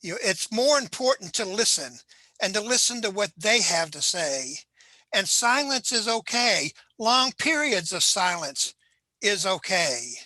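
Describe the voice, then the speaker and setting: A suicide prevention trainer giving unscripted advice on grief, talking in an earnest, gentle way with many "you know" asides. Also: medium pitch, big pitch swings, measured pace, dry recording, poor audio.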